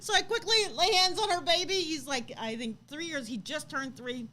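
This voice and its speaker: A woman in her thirties co-hosting a casual live chat, telling a story with lively acted-out quotes and frequent laughter. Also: very high voice, normal speed. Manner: animated storytelling, acts out quotes, laughs often. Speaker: co-host.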